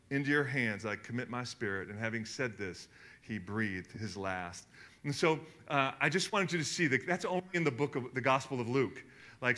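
Reading scripture aloud and slipping in asides, a middle-aged pastor preaches in an animated, conversational way at medium pitch.

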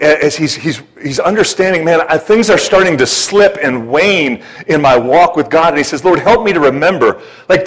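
Man, preacher, casual joking sermon, fairly high voice, lots of fillers and restarts, speaking to a church congregation. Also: low-quality recording. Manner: folksy, joking, halting with many fillers and restarts. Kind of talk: conversational sermon.

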